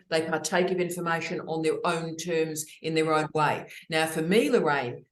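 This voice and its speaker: A middle-aged woman hosting an online discussion, talking in an effusive, expressive way over a video call. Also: low voice, echoey room. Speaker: host. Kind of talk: casual webinar discussion.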